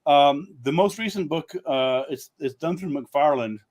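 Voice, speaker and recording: A man's voice: on the high side, a little slow, a little mellow. Rambling man with many fillers. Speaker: guest author. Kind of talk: casual live-stream chat.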